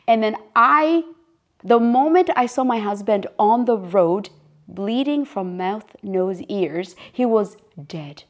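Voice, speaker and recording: A woman's voice: medium pitch, lively intonation, slow pace. A middle-aged woman, a podcast guest speaking earnestly about her life. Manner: earnest, heartfelt storytelling. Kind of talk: casual chat.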